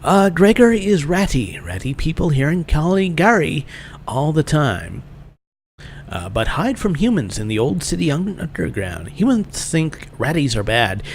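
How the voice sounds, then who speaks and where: A groveling rat-creature shopkeeper, voiced by a man pushes his voice up high and loud. He talks about himself in the third person with broken grammar. The room behind him carries a faint hum of ambience. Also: sing-song, unhurried, creaky, exaggerated voice. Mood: fawning. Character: ratty male rat-creature shopkeeper, fawning.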